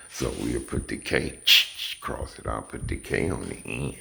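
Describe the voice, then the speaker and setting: A man's voice: extremely low pitch, expressive, unhurried, vocal fry, a bit bright. A man giving a rambling, casual monologue in streetwise slang. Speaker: vlogger. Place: home in suburban Houston.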